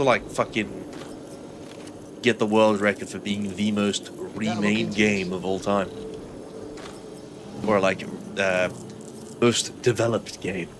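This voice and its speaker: Man, low voice, mixed upper-class English-sounding accent, English not first language, dry jokes, swearing, game stream chat, loud game noise behind. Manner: dry, jokey, swearing often. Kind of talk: casual gameplay stream, reading chat.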